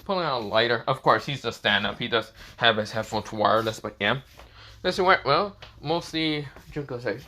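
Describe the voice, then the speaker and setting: A man's voice: medium pitch, lively intonation, moderate pace, pushed and bright. A man casually narrating a made-up fan story, rambling and loosely improvised. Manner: rambling, with frequent fillers and restarts.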